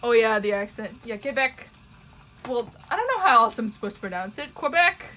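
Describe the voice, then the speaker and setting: Speaking quickly in a very animated, sharp voice on the high side, a young Canadian woman chats with viewers while drawing on a home livestream. She's rambling and profane, reads chat, laughs a lot, and trails off with ums, with faint music in the background.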